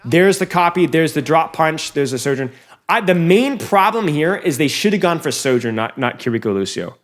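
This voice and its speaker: A man coaching viewers through a match review in casual commentary, talking straight to them and getting excitable when plays swing. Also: fairly high pitch, moderate pace.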